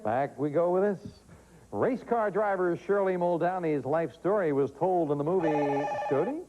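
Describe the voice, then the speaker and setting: A man hosting a quiz show, reading questions and joking with contestants in quick patter, on a noisy 1980s TV tape. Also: a little high, dark tone, muffled recording. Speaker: game show host.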